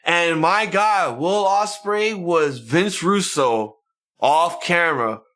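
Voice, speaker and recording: A man's voice: a little high, slow pace. A man co-hosting a casual podcast, swearing freely and acting out quotes in exaggerated voices. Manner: animated, profane, acts out quotes in exaggerated voices. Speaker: podcast co-host.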